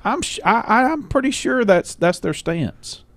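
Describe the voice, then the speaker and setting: Animated, laughing radio co-host man. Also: high voice, normal speed. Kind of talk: casual radio chat.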